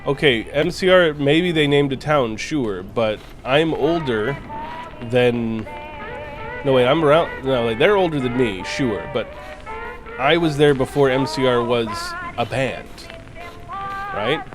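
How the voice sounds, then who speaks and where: A man's voice: medium pitch, takes it slowly, over music, low-quality recording. A man streaming a game live, chatting casually with viewers, joking, teasing and swearing freely.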